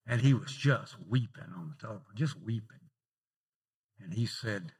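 A male pastor preaching a sermon in a conversational way, telling personal stories and swinging from emphatic lifts to softer asides. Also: on the low side, animated, moderate pace, husky. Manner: rising emphatic openings then dropping softer.

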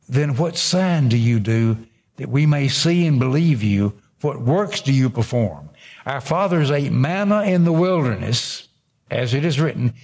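A man's voice: medium pitch, darkish tone. A man preaching a sermon, reading scripture aloud and breaking in with emphatic asides. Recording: long hall reverb.

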